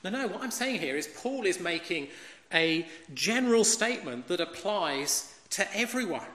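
A man's voice: high voice, big pitch swings, moderate pace, bright, forceful tone. A man preaching a sermon, emphatic and fond of rhetorical questions. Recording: echoey hall with long reverb.

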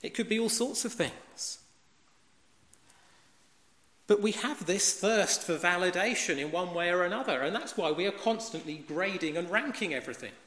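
A man's voice: sits high, bright, forceful tone. A man preaching a sermon, emphatic and fond of rhetorical questions. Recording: echoey hall with long reverb.

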